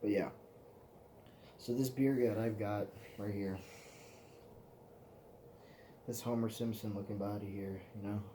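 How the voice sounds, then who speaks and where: A man's voice: fairly low pitch, steady tone, unhurried, pauses often, mellow, a little hiss or hum. A man telling rambling, profane stories to the camera in a casual vlog, often laughing at himself. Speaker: vlogger.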